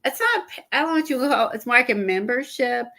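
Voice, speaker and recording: A woman chatting casually on an art livestream, a little out of breath and stuffy, rambling with halting fillers and restarts. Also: a little high, lively intonation, sharp tone. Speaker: guest showing art supplies.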